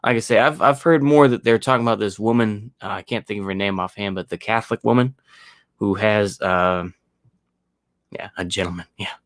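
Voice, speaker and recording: A man's voice: on the low side, brisk, no room sound, studio quality. A man giving a casual opinion monologue as a podcast host, rambling with many fillers and restarts and sarcastic mocking asides.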